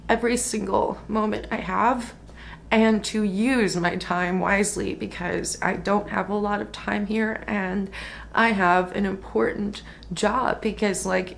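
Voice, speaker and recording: A woman in her thirties musing softly about a personal spiritual experience in a reflective vlog, with many fillers. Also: medium pitch, creaky, slight background noise. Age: 30s. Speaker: spiritual vlogger.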